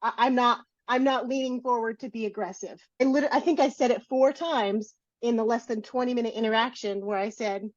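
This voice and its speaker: A woman's voice: on the high side, brisk, hardly any pauses, no room sound, dull audio. A woman co-hosting a podcast, telling candid self-deprecating stories in casual chat. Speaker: podcast co-host.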